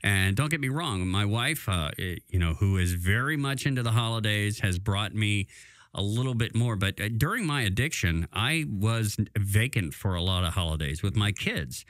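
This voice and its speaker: A man's voice: fairly low pitch, animated, normal speed, fairly bright tone, dry recording, studio quality. A middle-aged man co-hosting a recovery talk radio show, speaking candidly and confessionally with many fillers. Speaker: co-host.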